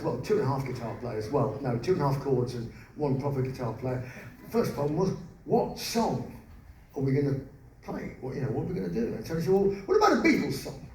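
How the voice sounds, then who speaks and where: A man's voice: fairly high pitch, darkish tone. A man telling self-mocking stories on stage as a spoken word performer, bursting into song. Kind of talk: live comic storytelling on stage. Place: large live venue. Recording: echoey hall, distant mic, background noise.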